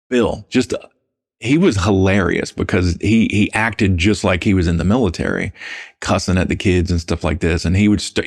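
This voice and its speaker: Deep gravelly man. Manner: relaxed, anecdotal, uses "man" and "dude". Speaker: podcast guest. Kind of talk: casual storytelling interview.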